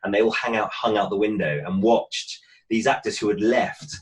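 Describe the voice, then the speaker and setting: A man with a fairly low voice reminisces in a reflective way. He often stalls and repeats himself while he searches for the right words. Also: steady tone, moderate pace. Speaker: cast member.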